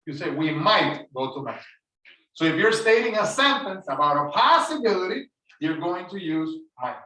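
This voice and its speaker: High, bright-voiced man teaching English. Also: very animated. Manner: explains slowly, repeats phrases. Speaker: ESL teacher. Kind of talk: online English lesson. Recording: roomy echo, voice heard from a distance.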